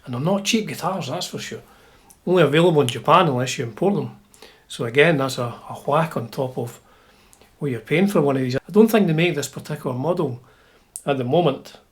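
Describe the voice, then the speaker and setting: A man's voice: fairly high pitch, a little fast, breathy edge. A Scottish man hosting a guitar channel, chatting casually with wry jokes and muttered asides. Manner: wry, chatty, drops to asides under his breath. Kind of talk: casual chat.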